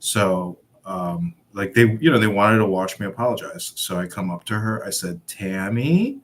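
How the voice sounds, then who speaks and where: A man's voice: low-pitched, moderate pace, a little hiss or hum. A man telling a rambling travel anecdote in casual chat, acting out the other people's lines and laughing along. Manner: animated anecdote-telling with acted-out quotes and laughs.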